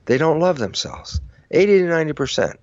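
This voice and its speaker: A man's voice: fairly high pitch, animated, fairly quick, no echo. An older man, a guest on an interview show, explaining at length and acting out both sides of imagined conversations. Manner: acts out both sides of his own dialogues, shifting voice for quoted speakers. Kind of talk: animated interview talk. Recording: dry, muffled lo-fi sound.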